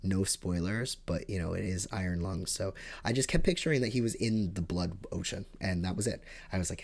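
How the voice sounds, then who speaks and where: A young man telling a rambling storytime monologue to his vlog, excitable, with sudden leaps up in pitch and loudness. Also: a little fast, creaky, few pauses. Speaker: vlogger.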